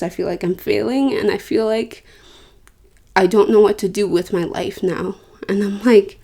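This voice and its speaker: A woman's voice: mid-range voice, warm tone. A young adult woman from Northern California, hosting a podcast, earnest and emotional as she talks about her own life and acts out her prayers. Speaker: podcast host. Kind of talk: personal reflective monologue.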